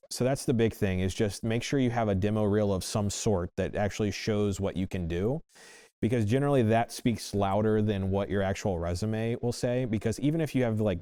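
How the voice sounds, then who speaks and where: A man's voice: fairly low pitch, dark tone, clean tone, dry recording. A man on a discussion panel, a former assistant news director, talking casually with many fillers.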